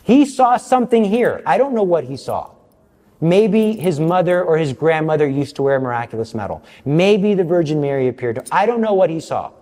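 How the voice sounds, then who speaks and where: A man telling a faith story to an audience with self-mocking humor, his voice jumping high whenever he quotes someone. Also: fairly quick. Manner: animated, jumps high for quoted lines. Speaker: Catholic speaker. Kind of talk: storytelling talk. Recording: long hall reverb.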